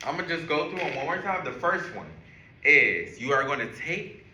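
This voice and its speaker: A man teaching a group, walking them through breathing and counting in a slow, guiding way. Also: fairly high pitch, very animated, bright, forceful tone. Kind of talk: classroom lesson on calming strategies. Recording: echoey room.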